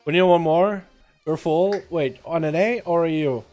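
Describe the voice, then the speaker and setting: A man's voice: a little high, moderate pace, darkish tone, faint music behind. A man livestreaming a game, chatting loosely with viewers, swearing now and then and hyping up the crowd. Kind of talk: casual gaming livestream chat.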